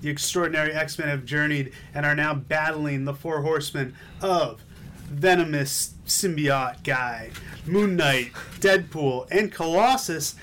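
A slightly high-voiced man co-hosting a casual comic book podcast. He reads out credits, then recaps each issue with jokes. A faint hum of room noise sits behind him. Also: unhurried, a bit bright. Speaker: podcast co-host.

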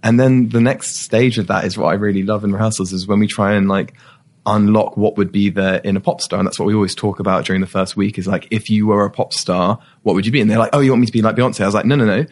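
A man's voice: fairly low pitch, steady tone, fast talker. A man who works on a stage show's creative team, explaining his process in a casual interview. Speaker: creative team member, guest.

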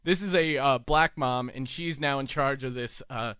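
A man's voice: mid-range voice, normal speed, bright, forceful tone, smooth, no echo. A man in his twenties hosting a live call-in talk show, telling rambling, jokey stories with crude language. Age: 20s. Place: small studio.

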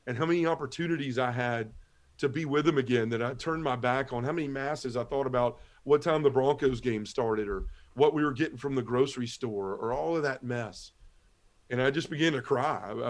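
A man giving a halting, emotional personal testimony as a guest on a talk show, often repeating words as he speaks. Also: medium pitch. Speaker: guest telling his conversion story.

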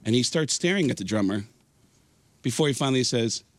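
Animated male storyteller, slightly high voice, very expressive, dry close mic. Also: a little fast, no echo. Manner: animated anecdote teller, acting out voices. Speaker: guest storyteller. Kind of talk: casual radio show chat.

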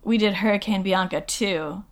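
A woman's voice: medium pitch, normal speed. Rambling, self-deprecating woman guest. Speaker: guest actress and comedian. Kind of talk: casual interview chat.

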